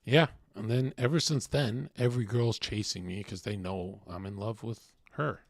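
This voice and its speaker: A young man talking casually in a crude, rambling storytelling monologue, swinging from loud outbursts to mumbled asides. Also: lowish voice, fairly even intonation, moderate pace, no echo, clean studio sound. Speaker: podcast host.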